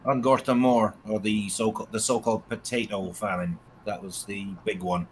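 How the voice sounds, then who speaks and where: A man's voice: lowish voice, moderate pace, a little hiss or hum, poor audio. A man in his forties from England, hosting a casual political discussion and slipping into mocking impressions. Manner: animated, slips into mocking impressions.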